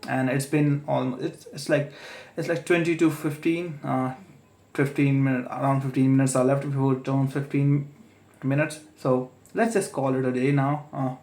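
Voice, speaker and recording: A man's voice: medium pitch, flat delivery, moderate pace, a little mellow. A young man, rambling alone in a home vlog, hesitant with many fillers and self-corrections. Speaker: vlogger. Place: room at home at night. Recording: echoey room.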